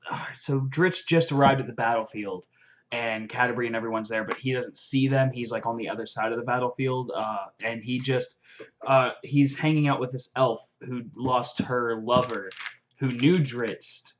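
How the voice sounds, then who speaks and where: A young man excitedly recapping a fantasy novel in a rambling vlog, full of fillers and swearing. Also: medium pitch, moderate pace, slight background noise. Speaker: vlogger. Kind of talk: casual book recap. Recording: dull lo-fi audio.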